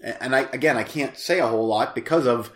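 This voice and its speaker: A man's voice: medium pitch, quick pace, roomy sound. A man co-hosting a podcast, chatting casually and reviewing a movie, rambling and often breaking off mid-sentence. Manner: rambling, self-interrupting, laughs easily. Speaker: podcast co-host.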